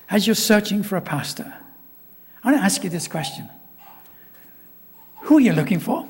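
A man's voice: high voice, darkish tone, breathy edge. A man preaching as a visiting pastor in a church, emphatic and fond of repeated rhetorical questions. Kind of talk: sermon. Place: church sanctuary. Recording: long reverb of a church hall.

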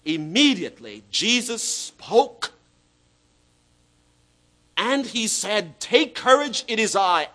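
A man preaching a sermon as pastor, swinging between loud emphatic bursts and hushed asides, stretching key words slowly for effect. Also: high voice, rough recording.

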